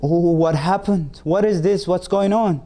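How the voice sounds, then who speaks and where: A man voicing a male merchant in a told fable, apologetic and lamenting, in his own mellow voice. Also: mid-range voice, lively intonation, slow. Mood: distraught. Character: grieving, remorseful male merchant.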